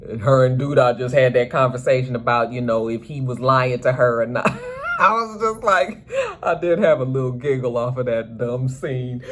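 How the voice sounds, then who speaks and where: Woman vlogger, animated and sassy, casual TV recap, pitch swooping all over. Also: moderate pace. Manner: chatty, sassy, slips into character voices.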